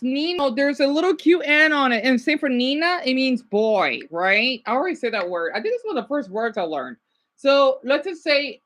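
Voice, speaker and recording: A woman's voice: on the high side, fairly bright tone. A woman vlogger chatting casually about learning languages, rambling and hesitant, often checking in with "right?".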